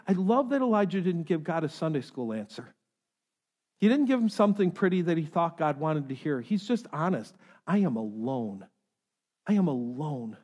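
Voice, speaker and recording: A man preaching a sermon as pastor, swinging between loud urgency and hushed softness, with jokey asides to the congregation. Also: sits high. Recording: long reverb of a large hall.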